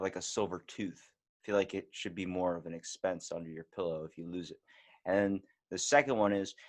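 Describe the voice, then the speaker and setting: A young man, a podcast guest, chatting casually, laid-back and swearing freely as he acts out the voices in his anecdotes. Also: fairly low pitch.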